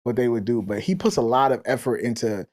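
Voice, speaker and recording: A man's voice: mid-range voice, fairly quick, a little mellow. A man from Minnesota, co-hosting a podcast with candid, rambling banter and laughter. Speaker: podcast co-host.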